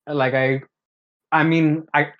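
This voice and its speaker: A man co-hosting a podcast, casually telling a story in a relaxed, slangy way. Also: a little high, slow. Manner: laid-back storytelling, slangy. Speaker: podcast co-host. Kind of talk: casual chat. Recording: dull lo-fi sound.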